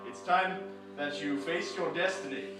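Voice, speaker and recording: A proud, boastful psychic wolf with an oversized brain, as a man puts him on in a live storytelling show. He speaks in a fairly high male voice with a lordly, commanding manner. The sound is very echoey and distant, with music playing behind. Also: unhurried, natural voice. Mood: solemn.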